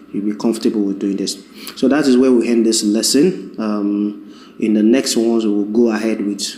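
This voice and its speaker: A man's voice: fairly low pitch, dark tone, slight background noise. Patient male language teacher, echoey room. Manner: patient, repeats words slowly for the learner. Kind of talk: video lesson.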